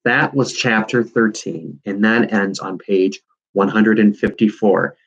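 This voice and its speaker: A man reading a children's novel aloud in an expressive storytelling manner. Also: fairly low pitch, measured pace, breathy edge, highs cut off. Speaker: reader.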